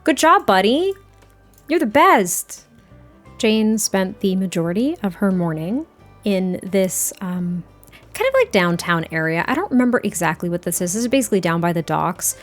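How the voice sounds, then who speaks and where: A woman's voice: fairly low pitch, animated, moderate pace, soft background music. A young woman who hosts the channel, telling a life-sim game story in a chatty, casual way, full of fillers and fond asides. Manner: chatty, filler-heavy, doting. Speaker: gameplay narrator.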